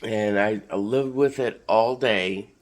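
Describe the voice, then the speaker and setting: Slow-talking congested man telling a story. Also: on the low side, dry recording. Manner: chatty, recounts conversations as he tells them. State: congested, sick with a cold. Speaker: vlogger. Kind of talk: casual storytelling.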